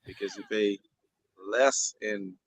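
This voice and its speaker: A man's voice: lowish voice, fairly even intonation, slow pace, vocal fry, no room sound, poor audio. A man with a Bahamian accent, a guest musician in a casual radio panel chat, speaking in an assured, affirming way.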